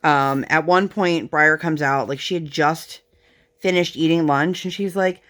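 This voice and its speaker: A woman's voice: low-pitched, unhurried, a bit bright. Chatty woman telling family stories. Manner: chatty storytelling with fillers and laughs. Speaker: crafting vlogger. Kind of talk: casual chat while crafting.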